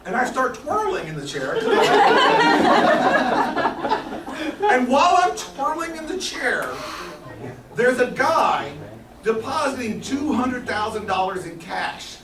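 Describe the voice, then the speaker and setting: A high-voiced man tells a story to a live audience, animated and quick with asides. He laughs often. The recording is noisy and roomy, with the mic set back from him. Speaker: guest speaker. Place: meeting room with audience. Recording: echoey room, far from mic, noisy.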